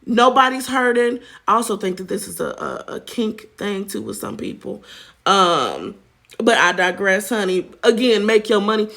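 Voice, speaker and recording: A woman's voice: medium pitch, expressive, moderate pace, fairly bright tone. A woman hosting a celebrity gossip show, chatty and sassy, calling her viewers child and honey. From United States. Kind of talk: casual celebrity gossip commentary.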